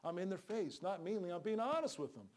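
Fast-talking, with a voice that sits high and lively intonation, this middle-aged street preacher gives a fervent sermon. He calls for amens and acts out the people in his stories.

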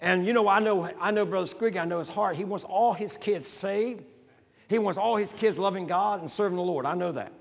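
An older man preaching a folksy sermon to his congregation, building to shouts. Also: sits high, a little fast, vocal fry, long reverb tail. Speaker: pastor.

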